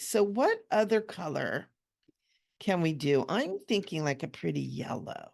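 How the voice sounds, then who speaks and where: A woman hosting a relaxed coloring tutorial, chatting gently and cooing over small details as she works. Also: fairly low pitch, a little slow, gravelly. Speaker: coloring channel host and hypnotherapist.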